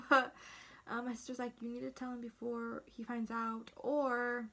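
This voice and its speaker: Bright, chatty teenage girl vlogging. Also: on the high side, flat delivery, measured pace. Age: teens. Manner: chatty, dramatic, acts out family dialogue. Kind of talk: casual storytelling to camera. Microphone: phone camera.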